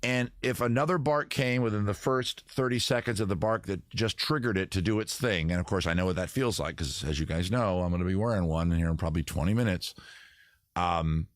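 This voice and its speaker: A man hosting a casual live stream, rambling and joking at a close tabletop boom mic. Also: brisk, no room sound. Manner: rambling, jokey, self-interrupting. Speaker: host.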